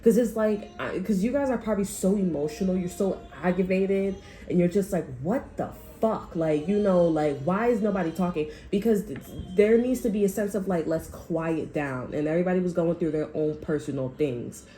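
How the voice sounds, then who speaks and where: A woman's voice: lowish voice, fairly quick, few pauses, mellow, soft background music. A woman giving a casual tarot reading, rambling with lots of "like" and speaking bluntly, with frequent swearing. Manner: blunt and heated. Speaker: tarot reader.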